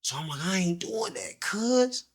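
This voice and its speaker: Pushed and bright, this man's fairly high voice moves at a moderate pace. In a candid storytelling interview he tells his story as a guest, using slang, acting out quoted dialogue in voices, and going near-whisper at tense moments.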